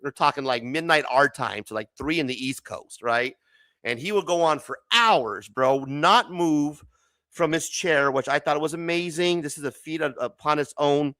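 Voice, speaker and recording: A man's voice: on the high side, moderate pace, sharp tone, no echo. A man from Arizona hosting a casual late-night comics show, joking and laughing often. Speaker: host.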